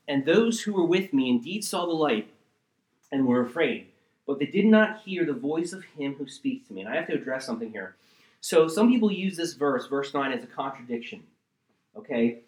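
A man preaching a sermon and teaching from the Bible, swinging between loud emphatic bursts and quiet asides and often checking in with his listeners. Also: medium pitch, animated, normal speed. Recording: roomy echo.

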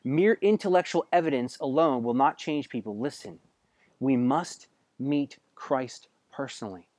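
A man preaching a sermon in a conversational way, asking his listeners direct questions and swinging between hushed passages and loud, emphatic bursts. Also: medium pitch, a little slow, no echo. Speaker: pastor.

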